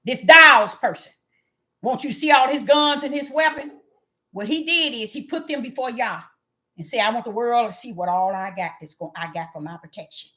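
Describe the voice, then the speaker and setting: A woman preaching an impassioned sermon, calling out to her listeners and swinging from low murmurs to loud cries. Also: moderate pace. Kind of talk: fiery street sermon.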